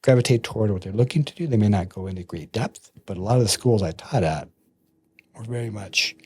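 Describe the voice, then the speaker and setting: Guesting on a casual interview, this man, who works as a massage therapist and energy bodyworker, tells stories fairly quickly in a slightly rough voice. He brings quoted lines to life with animated, jumpy shifts in pitch.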